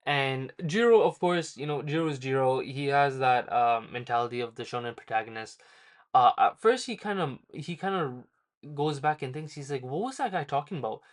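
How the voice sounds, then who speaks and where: A man's voice: medium pitch, moderate pace. A man casually reviewing a manga chapter, rambling with lots of ums and uhs as he loosely retells scenes.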